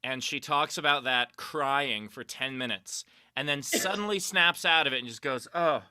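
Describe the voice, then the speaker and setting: A man's voice: mid-range voice, moderate pace, sharp tone, smooth, no echo. A man hosting a comedy chat over a video call, telling profane stories and laughing through them. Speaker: podcast host and comedian. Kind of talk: casual chat, storytelling.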